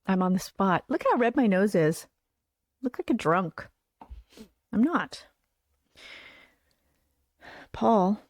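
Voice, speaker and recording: A woman's voice: medium pitch, very animated, a little slow, long pauses, dry recording. A woman hosting a livestream in which she builds a puppet. She talks casually and thinks aloud, and her sentences often trail off into murmurs. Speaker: puppet builder and show host. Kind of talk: craft livestream demonstration.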